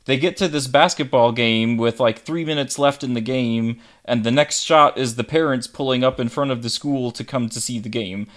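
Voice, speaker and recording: A man's voice: mid-range voice, moderate pace, hardly any pauses. Man picking apart a movie plot. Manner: questioning, picks at plot holes. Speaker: podcast co-host. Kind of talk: casual chat.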